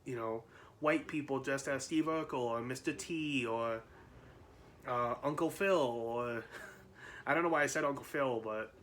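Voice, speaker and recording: A man talks straight to his viewers in a loose, rambling way, breaking into laughs and restarting his sentences. His voice sits at an ordinary middle pitch, with a faint hiss of noise under the recording. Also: unhurried, a bit bright. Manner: rambling, laughs often, many restarts and fillers. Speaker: vlogger. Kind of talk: casual chat to camera.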